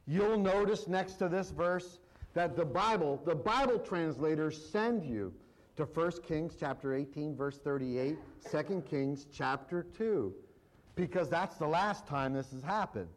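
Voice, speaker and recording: A man's voice: sits high, rough recording. A male pastor preaching a sermon, reading scripture aloud and repeating his points with emphasis.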